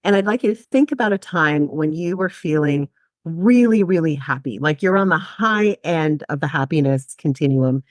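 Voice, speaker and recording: Low-sitting and echo-free, this woman's voice comes from a psychotherapist guesting on a podcast interview, where she speaks with animation, laughs frequently, and imitates quoted speakers.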